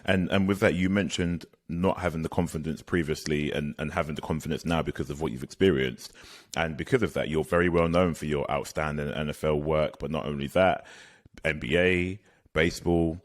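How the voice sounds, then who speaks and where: A man's voice: extremely low pitch, fairly even intonation, a little fast. A man hosting a sports podcast, asking long questions with repeated restarts. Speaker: podcast host. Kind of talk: conversational interviewing.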